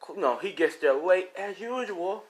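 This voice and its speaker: A man's voice: sits high, animated, normal speed, poor audio. A young man improvising a fan story, rambling with lots of filler and casual slang. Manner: rambling, full of "you know" and "he's like".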